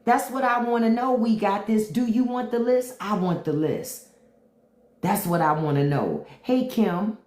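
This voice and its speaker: A woman's voice: mid-range voice, unhurried, darkish tone. Brief: woman host on a livestream, blunt and taunting, AAVE speech, roomy echo on the mic. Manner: blunt, taunting, repeats her question to commenters. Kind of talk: unfiltered livestream commentary.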